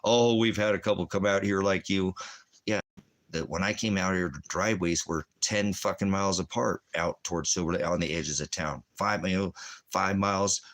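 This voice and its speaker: A man's voice: low voice, normal speed, fairly bright tone. A man, a military veteran, delivering an angry, profane, rambling rant. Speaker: veteran ranting.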